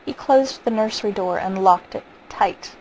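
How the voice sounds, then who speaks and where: A woman reading a short story aloud in a calm, measured storytelling manner. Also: medium pitch, slight background noise, rough recording. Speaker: reader.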